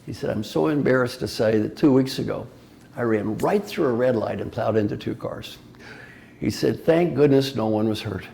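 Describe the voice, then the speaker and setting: A man's voice: medium pitch, normal speed, vocal fry, warm tone. An older man giving a motivational talk as an executive coach, playful and emphatic, firing off rhetorical questions.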